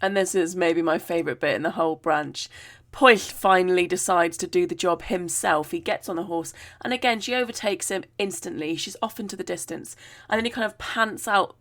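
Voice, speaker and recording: A woman's voice: lowish voice, a little fast, a bit bright. A young woman hosting a podcast, retelling myths in a chatty, playful way with gushing asides. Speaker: podcast host. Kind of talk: casual myth retelling.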